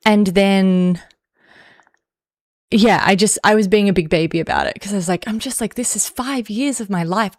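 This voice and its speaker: An Australian woman chats on a livestream in a loose, rambling way. She fills her talk with "like" and jokes at her own expense, and her voice is mid-pitched and dry. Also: dry recording. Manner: rambling, filler-heavy, self-mocking humor. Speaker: livestream host. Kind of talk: casual livestream chat.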